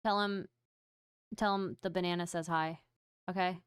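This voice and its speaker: A woman with a lowish, steady voice speaks at a moderate pace, her tone clear and resonant, recorded at studio quality with no echo. She's hosting a livestream, chatting casually and playfully to her viewers, addressing chat directly and poking fun at herself.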